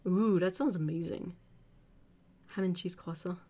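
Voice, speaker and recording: A British-born woman hosts a relaxed art livestream, reading out viewer comments and chatting back with frequent laughter. Her voice sits a little low and has a soft, mellow warmth rather than any brightness. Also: measured pace. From United Kingdom. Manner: chatty, laughs often, reads comments aloud.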